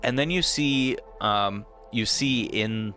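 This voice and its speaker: A man's voice: mid-range voice, takes it slowly, bright, forceful tone, faint music behind. A man narrating a tabletop game as dungeon master, casual and laughing often, with many fillers.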